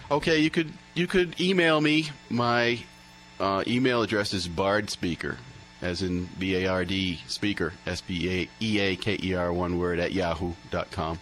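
Low-voiced man, hesitant, faint hum. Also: moderate pace, a bit bright, rough recording. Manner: hesitant, many fillers and restarts. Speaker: musician guest. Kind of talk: casual interview chat.

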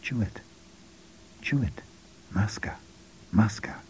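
A man doing a hushed old mentor, whispered role-play. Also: fairly low pitch, slow pace, slightly rough, exaggerated voice. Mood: urging. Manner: soft, hushed urging.

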